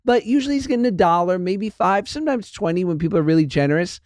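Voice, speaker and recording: A man's voice: sits high, lively intonation, fast, darkish tone, dry recording, studio quality. A man hosting a podcast, telling stories in casual chat and laughing often. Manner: chatty storyteller, laughs often. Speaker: podcast host.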